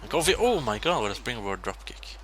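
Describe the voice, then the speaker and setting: A young man giving casual, excitable commentary over a wrestling video game as he plays, swearing and laughing at his own slips. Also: mid-range voice, a little fast, a little hiss or hum. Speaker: gameplay commentator.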